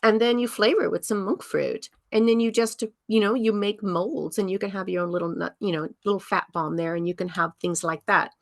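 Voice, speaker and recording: A woman's voice: medium pitch, fairly even intonation, a little fast, vocal fry, hardly any pauses, no room sound, studio quality. A woman over fifty, a health coach giving a casual workshop talk, chatty and rambling with many ums and restarts.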